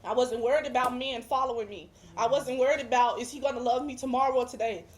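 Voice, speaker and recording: A woman's voice: a little high, quick pace. Emphatic woman giving a faith testimony. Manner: emphatic, preacher-like repetition. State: emotional, near tears at times. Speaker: guest. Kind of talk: religious testimony.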